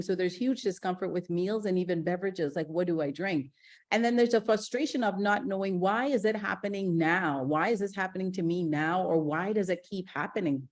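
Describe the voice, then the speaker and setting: A middle-aged woman from Ghana, a gastroenterologist giving a lively online masterclass, chatty and energetic, with fillers and restarts. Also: medium pitch. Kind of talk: live online masterclass talk.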